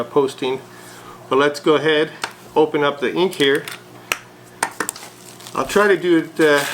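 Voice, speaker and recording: A man vlogging a casual unboxing of a fountain pen, chatty and relaxed with frequent hesitations. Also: a little high, noisy background.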